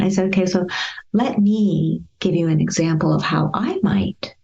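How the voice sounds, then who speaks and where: A woman therapist speaking as an interview guest, her voice gravelly with a dark, mellow tone. She tells stories gently and acts out the dialogue as she goes. The audio is dull and somewhat lo-fi. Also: on the low side, normal speed. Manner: gentle, lively storyteller acting out past dialogue. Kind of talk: interview storytelling.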